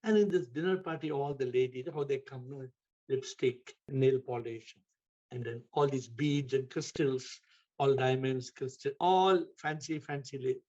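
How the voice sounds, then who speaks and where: Emphatic spiritual teacher. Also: male voice, mid-range voice, unhurried, lo-fi sound. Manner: repetitive, emphatic storytelling with sudden shifts in loudness. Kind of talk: spiritual talk to an online audience.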